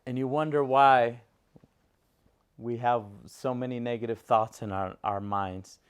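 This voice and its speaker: A man's voice: medium pitch, fairly even intonation, a little slow, smooth. A man preaching a sermon as a pastor, emphatic and repetitive, putting questions to his listeners.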